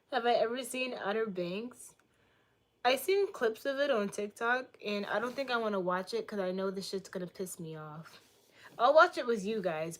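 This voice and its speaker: A woman's voice: fairly high pitch, a bit bright. Playful joking young woman streamer. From Boston, United States. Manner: playful, joking, crude and teasing. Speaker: livestreamer answering chat. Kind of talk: casual livestream chat.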